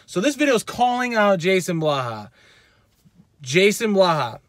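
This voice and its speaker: Fitness vlogger man on a profane rant, high voice swinging wide, dry close sound. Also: animated, moderate pace, a bit bright, no room sound. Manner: profane, heated, repetitive. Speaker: fitness channel host. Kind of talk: ranting vlog callout.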